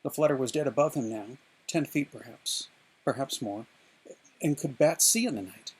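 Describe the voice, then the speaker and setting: A man reading a novel aloud at home in an expressive, measured storytelling manner. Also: medium pitch, husky. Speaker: reader of a novel. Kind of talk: dramatic book reading.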